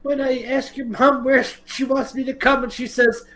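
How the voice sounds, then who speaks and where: A man's voice: very high voice, level tone, moderate pace, fairly bright tone, slight background noise. Joking man chiming in with crude punchlines. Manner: chimes in with crude jokes and punchlines. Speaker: podcast co-host. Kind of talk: crude casual chat.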